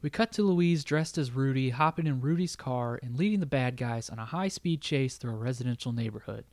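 A man's voice: mid-range voice, animated, a little mellow, no room sound. Male podcast co-host, mid-range voice, casual plot recap, dry close mic. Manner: recaps the plot, laughs often, quotes lines in quick bits. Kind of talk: casual chat.

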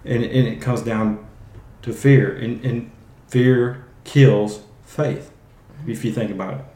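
A man's voice: mid-range voice, slow, warm tone, echoey room. A man hosting a casual Bible teaching podcast, talking conversationally and often restarting his phrases. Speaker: podcast host.

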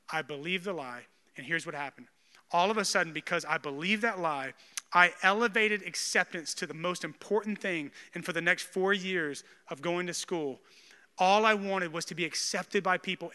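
A man, a pastor preaching a sermon with animated personal storytelling and self-deprecating humor. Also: a little high, normal speed, in a large hall.

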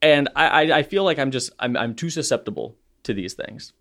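A man in his thirties with a drawl, co-hosting a podcast in relaxed chat. He wanders through his stories with plenty of ums and uhs, then gets animated when he acts out a scene. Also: medium pitch, brisk. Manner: rambling storyteller, many fillers. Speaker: podcast co-host. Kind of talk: casual chat.

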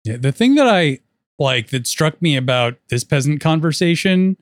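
A man's voice: a little high, expressive, moderate pace, no echo, clean studio sound. A man co-hosting a podcast, chiming in with brief joking asides about a book. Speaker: podcast co-host. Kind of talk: casual book discussion.

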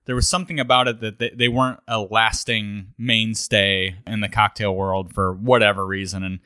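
A man co-hosting a podcast, chatting casually, relaxed and chuckling as he thinks aloud. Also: fairly low pitch, moderate pace, clean tone, dry recording, clean studio sound. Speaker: podcast co-host. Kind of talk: casual chat about cocktails.

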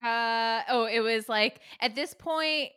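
A woman's voice: a little high, slow pace, a bit bright, clean tone, no room sound, clean studio sound. A young woman in casual chat, animatedly retelling a frustrating story with quoted dialogue, swearing and laughing.

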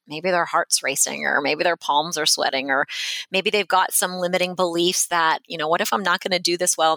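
A woman's voice: on the low side, sharp tone, no echo, rough recording. A woman speech-language pathologist, a podcast guest, talks through simple exercises in a friendly, instructive way and often checks in with "right?". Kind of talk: conversational podcast guidance.

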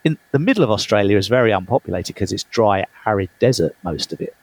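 Brief: low, husky male guest, dry close sound, chatty anecdotes. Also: expressive, fast, darkish tone, no echo. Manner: chatty, laughs often, restarts mid-phrase. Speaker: guest, author. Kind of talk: storytelling interview.

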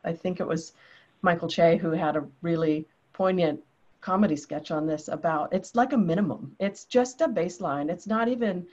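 A woman's voice: fairly low pitch, moderate pace. A woman speaking in a heartfelt, reflective way in a panel discussion. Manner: heartfelt, reflective, quotes others in lively voices. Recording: dull lo-fi audio.

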